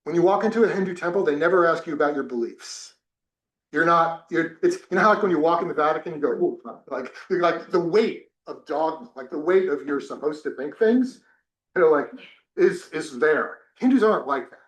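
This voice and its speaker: A man's voice: a little high, brisk. A man from New Jersey, a religion professor, teaching a class and telling personal stories with many restarts. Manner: animated storytelling with many restarts. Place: temple classroom. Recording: echoey room.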